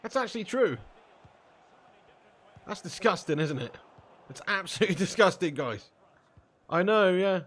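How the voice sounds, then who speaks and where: Chatty man streaming, higher voice. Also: lively intonation, moderate pace, fairly bright tone, slight background noise. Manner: banters with chat, reads out comments, swears casually. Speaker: live-stream gamer. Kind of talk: casual live-stream chat.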